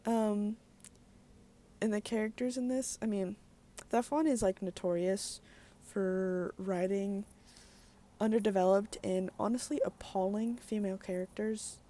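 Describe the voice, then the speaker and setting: Chatty woman book vlogger, mellow voice. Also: medium pitch, steady tone, measured pace. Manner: chatty and candid, with frequent fillers and casual swearing. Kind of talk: casual daily book vlog.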